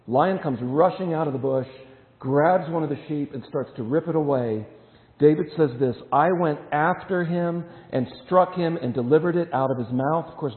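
A man preaching a sermon, reading scripture aloud with emphasis and explaining it to his congregation. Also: fairly high pitch. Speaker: pastor. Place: church sanctuary. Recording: echoey hall over a phone-like line.

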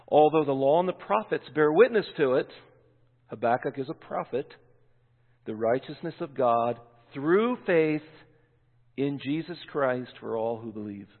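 Man preaching, leans hard on key words, tinny sound, long church echo. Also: mid-range voice. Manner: emphatic, slows and lingers on key words. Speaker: pastor. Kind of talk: sermon. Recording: phone-like sound with long hall reverb.

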